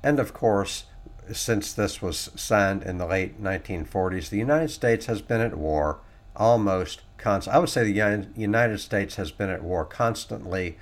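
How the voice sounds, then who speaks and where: A man's voice: on the low side, a little slow. A man giving political commentary, reading quotes aloud and adding sarcastic asides.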